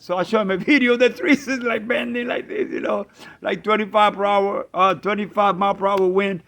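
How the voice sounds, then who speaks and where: A man casually telling a story, animated, acting out friends' voices and bird sounds. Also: high-pitched, moderate pace. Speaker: pigeon fancier, channel host.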